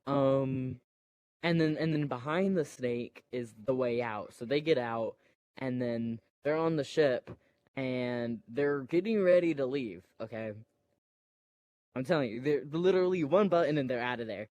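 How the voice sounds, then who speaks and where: A man casually retelling a movie plot, rambling and filling his sentences with "like" and "um". He talks slowly at a mid pitch, and his voice sounds dry and close, with no room echo. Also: darkish tone. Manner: rambling, full of "like" and "um". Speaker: storyteller.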